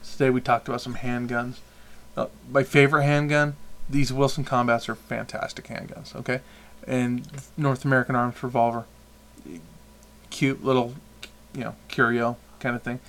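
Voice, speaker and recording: A man's voice: medium pitch, level tone, normal speed, fairly bright tone. A man hosting a podcast, chatting casually and rambling through opinions with frequent restarts. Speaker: podcast host. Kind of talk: casual chat.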